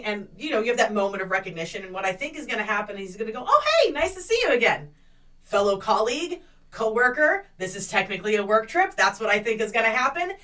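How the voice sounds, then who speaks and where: A woman with a bright, forceful voice tells a story in loose podcast chat, cursing often and jumping into the voices of the people in it. She sounds a little distant from the mic. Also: medium pitch. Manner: profane, animated storytelling with acted-out quotes. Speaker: podcast co-host.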